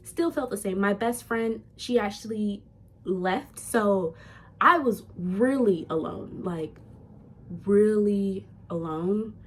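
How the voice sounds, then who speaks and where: A woman's voice: mid-range voice, expressive, slow. A young woman, a nursing student, talking candidly and chattily to her viewers in a casual vlog. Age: young adult.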